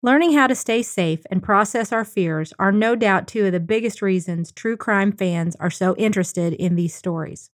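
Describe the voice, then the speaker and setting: A woman hosting a podcast, reading a scripted introduction in a measured, earnest way. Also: medium pitch, dry recording, clean studio sound. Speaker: podcast host.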